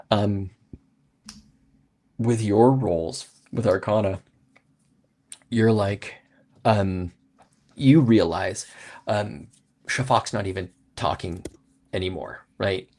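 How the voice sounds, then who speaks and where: A man running a tabletop game as game master, halting with many fillers. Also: lowish voice, darkish tone. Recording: live stream audio.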